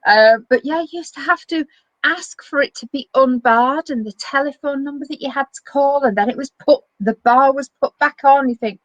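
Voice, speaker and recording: A middle-aged woman, hosting a casual chat and telling lively stories with frequent laughter. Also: high-pitched, moderate pace, no echo, muffled recording. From northern England. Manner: lively storyteller, laughs often. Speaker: web TV host.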